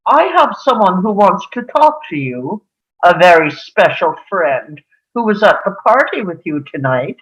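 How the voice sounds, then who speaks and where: A man's voice: high voice, very animated, measured pace, a bit bright, highs cut off, heavily acted. An actor at a table read, playing a cold male terrorist leader in a dry, sardonic manner. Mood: mocking.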